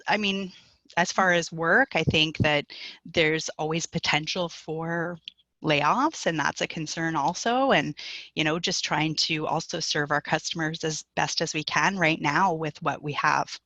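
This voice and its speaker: A woman's voice: low-pitched, measured pace, sharp tone, no room sound. A woman talking earnestly about her stress through a headset on a video call. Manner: earnest, speaks of feelings. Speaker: customer service worker. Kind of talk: casual chat on a video call.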